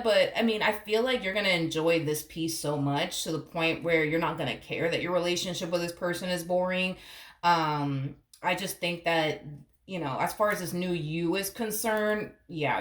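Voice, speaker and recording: A woman giving a casual tarot reading, rambling and chatty, calling the viewer honey and swearing freely. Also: low-pitched. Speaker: tarot reader. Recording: echoey room.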